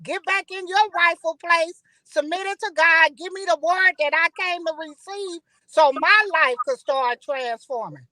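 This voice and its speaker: A woman speaks as an earnest guest on a church talk show. Her voice is very high and bright, and she presses her points with insistent conviction. The sound is dry and close to the mic. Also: unhurried, hardly any pauses, dry recording, low-quality recording. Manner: earnest, insistent, sprinkling in "you know what I'm saying". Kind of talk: passionate talk show discussion.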